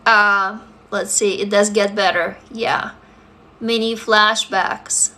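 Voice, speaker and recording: A woman from Russia speaks slowly in a medium-pitched voice with little pitch movement, her tone pushed and bright. Hosting a livestream, she answers viewers bluntly and emphatically, swearing freely in casual chat.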